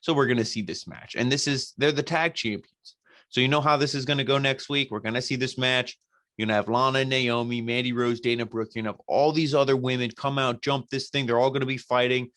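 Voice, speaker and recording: A man's voice: medium pitch, steady tone, a little fast, fairly bright tone, no echo. A man hosting a podcast, recapping a show casually in a blunt, profane, exasperated way. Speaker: podcast host reviewing wrestling.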